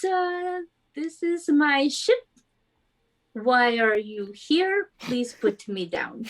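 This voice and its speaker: A woman's voice: sits high, animated, very slow, exaggerated voice. A woman voicing a short, flustered half-elf male ship captain with a vaguely French accent, speaking politely and hesitantly. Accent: vaguely French, put on.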